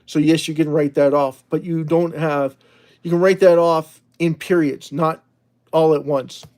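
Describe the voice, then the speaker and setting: A man hosting a livestream in a loose, rambling way, chatting with viewers and reading their messages aloud. His voice sits a little higher than most men's. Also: fairly even intonation, a little slow, a little mellow. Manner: rambling, chatty, with frequent restarts and laughs. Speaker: livestream host. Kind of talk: casual livestream talk reading out chat.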